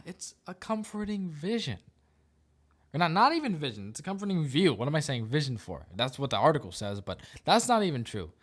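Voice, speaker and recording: Animated, sarcastic male podcast host. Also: on the high side, fairly quick. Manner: animated, sarcastic, laughs often. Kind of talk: casual opinion commentary.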